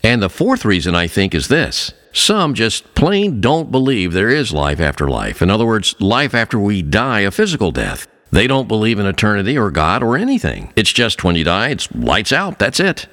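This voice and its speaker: A man preaching a sermon, earnest, telling a story and slowing down on key phrases. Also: sing-song, a bit bright. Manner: earnest, swings pitch widely for emphasis.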